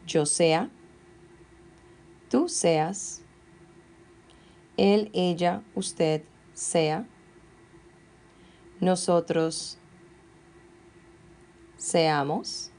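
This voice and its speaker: A woman teaching Spanish grammar, slowly and carefully dictating verb forms one at a time. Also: lowish voice, vocal fry, darkish tone. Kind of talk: classroom grammar lesson.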